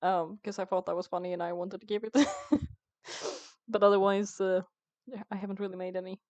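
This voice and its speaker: A woman's voice: medium pitch, steady tone, fairly quick, a little mellow, dry recording, lo-fi sound. Chatty, giggly woman streamer. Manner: chatty, giggly, self-mocking. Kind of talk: casual gameplay commentary.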